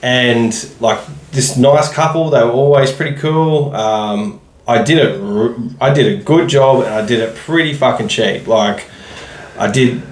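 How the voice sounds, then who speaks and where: A man co-hosting a podcast, chatting in a relaxed way with casual swearing. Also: medium pitch, echoey room. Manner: relaxed, frequent short agreements, swears. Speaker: podcast co-host. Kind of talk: casual chat.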